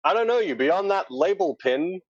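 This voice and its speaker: Flustered sea captain, pitched up high, fussy, played by a man. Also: lively intonation, moderate pace, no room sound, lo-fi sound. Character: worried male ship captain.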